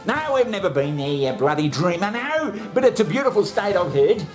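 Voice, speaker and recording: Crude comic host, self-bantering, heavy swearing, music bed. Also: male voice, high-pitched, sing-song, brisk. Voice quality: crude, swearing, laughing at own jokes. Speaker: comedy show host. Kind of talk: comic monologue, bantering with himself.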